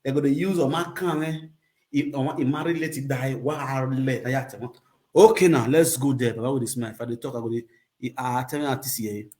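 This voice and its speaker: A man's voice: mid-range voice, fairly even intonation, brisk, darkish tone. A man with a Nigerian accent hosting a casual livestream chat, rambling, repeating catchphrases and laughing often. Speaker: livestream host.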